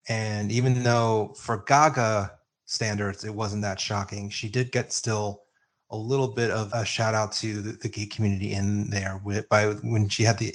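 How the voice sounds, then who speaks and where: Man, podcast co-host, fairly low voice, gushing, casual chat over a call. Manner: excitable, gushing, openly emotional. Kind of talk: casual music debate chat. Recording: remote call, own mic.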